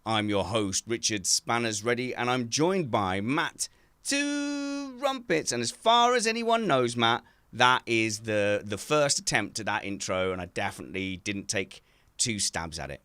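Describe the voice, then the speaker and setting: A man hosting a casual podcast from his garden shed, self-mocking and animated as he tells stories. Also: medium pitch, unhurried, clear, resonant tone, dry recording. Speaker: podcast host.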